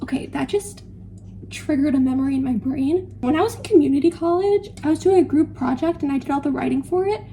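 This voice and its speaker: Young woman, home baking vlog, high mellow voice, chatty and self-mocking, light hiss behind. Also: brisk. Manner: rambling, self-deprecating, laughs often. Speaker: vlogger. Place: home kitchen.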